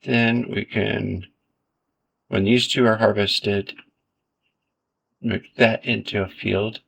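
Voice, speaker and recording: A man giving relaxed, self-deprecating commentary while he plays a game, thinking aloud as he goes. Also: on the low side, slow, vocal fry. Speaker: gaming video creator. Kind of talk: casual gameplay commentary.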